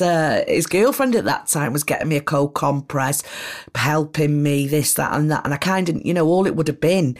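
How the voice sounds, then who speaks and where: A woman with a northern English accent, a podcast guest telling recovery stories in a casual, animated way, laughing often and swearing. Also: sits low, moderate pace. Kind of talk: casual storytelling in recovery interview.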